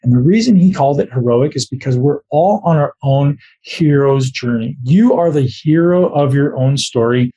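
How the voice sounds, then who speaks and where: A man's voice: medium pitch, darkish tone, husky, poor audio. A podcast host, a man, reading a sponsor message in an enthusiastic, informal way. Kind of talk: sponsor read.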